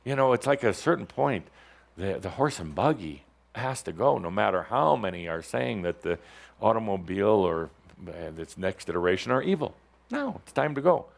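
A man's voice: lowish voice, very animated, moderate pace, creaky. A man speaking as a spiritual teacher to a live audience, in a playful, teasing way, often laughing.

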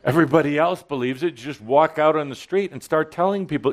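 Guy doing a spiritual talk to a crowd, teasing and playful, big pauses, gets loud then goes soft. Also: a little high. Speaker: channeling speaker. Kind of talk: channeled spiritual talk to an audience.

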